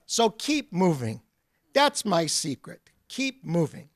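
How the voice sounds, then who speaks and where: A man's voice: extremely high pitch, animated, measured pace, fairly bright tone, dry recording, studio quality, heavily acted. A man voicing a spry, joking old man in his nineties, telling a folksy tale.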